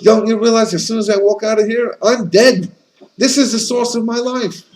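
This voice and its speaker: A man's voice: sits high, steady tone, normal speed, a little mellow, pitched above the performer's own voice, natural voice. A man voicing a wary male fish that bluntly refuses to leave the water, in a spoken teaching story. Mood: scornful. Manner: blunt, scornful.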